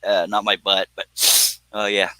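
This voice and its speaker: A middle-aged man hosts a livestream in a fairly low, level voice, speaking a little slowly over heavy background noise. He chats casually and laughs often, at one point rereading a chat message in a mock-threatening voice.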